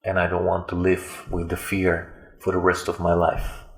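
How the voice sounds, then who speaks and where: Deep, flat-voiced man telling his story. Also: creaky, echoey room. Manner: halting, with frequent fillers and restarts. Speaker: interview guest. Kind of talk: personal storytelling.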